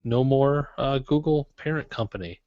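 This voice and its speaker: Easygoing guy on a podcast, mid-pitch, kinda dull lo-fi sound, dry. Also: normal speed, a little mellow, no echo. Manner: easygoing, joking, muddles through reading aloud. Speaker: podcast co-host. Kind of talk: casual podcast chat, reading listener email.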